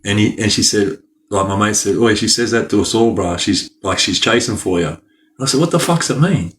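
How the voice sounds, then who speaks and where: A man's voice: on the low side, fairly even intonation, a little fast, fairly bright tone. A man livestreaming, telling rambling stories to his chat in heavy slang and laughing often. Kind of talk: casual storytelling to a live chat.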